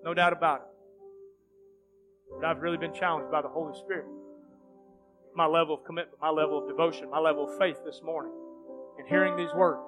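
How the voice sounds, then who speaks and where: A man's voice: a little high, fairly even intonation, fairly quick, long pauses, music in the background. A man preaching as pastor, leading an altar call and then praying with earnest, pleading fervor in a church. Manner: earnest, pleading, rising to fervent prayer. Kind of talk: sermon altar call and prayer. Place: church sanctuary.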